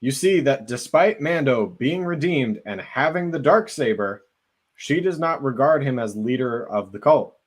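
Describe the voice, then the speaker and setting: A man's voice: mid-range voice, lively intonation, a little slow. A man co-hosting a podcast, earnestly laying out a fan theory at length in casual conversation. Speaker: podcast co-host.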